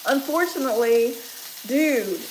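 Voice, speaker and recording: A woman's voice: sits high, lively intonation, a little slow, noisy background. A woman with a Kentucky accent, chatting casually with viewers while she cooks in her home kitchen and laughing often. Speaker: livestream cooking host. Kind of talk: casual livestream chat while cooking. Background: sizzling pan.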